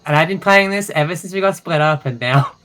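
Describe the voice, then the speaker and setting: A man's voice: a little high, brisk, a bit bright, smooth, low-quality recording. Playful man describing his character. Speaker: player. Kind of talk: tabletop role-play.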